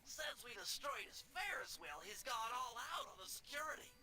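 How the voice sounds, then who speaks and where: A man's voice: extremely high pitch, animated, normal speed, pushed and bright, full character voice. A man voicing a nerdy, brainy male turtle who plans heists, with a precise, slightly nasal delivery in video game dialogue. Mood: briefing. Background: game music.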